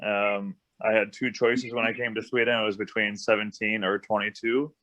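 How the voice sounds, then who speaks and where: Chatting over a video call with dull, lo-fi sound, a young hockey player from the United States talks as an interview guest. His voice is on the low side, pushed and bright, with flat delivery at normal speed, and his relaxed answers are full of ums and uhs.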